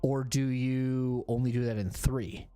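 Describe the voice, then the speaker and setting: A man's voice: medium pitch, fairly even intonation, unhurried, warm tone, clear, resonant tone. A man in his forties chatting casually on a gaming live stream, rambling, repeating himself and poking fun at himself. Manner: rambling, self-deprecating, repeats phrases. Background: faint background music.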